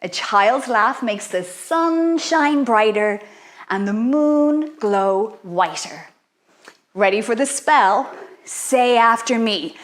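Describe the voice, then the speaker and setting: A woman leading a playful children's activity, guiding young listeners through chants and spells in an animated, sing-song way. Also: a little high, takes it slowly. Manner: animated, sing-song, exaggerated sounds for kids. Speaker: children's workshop leader.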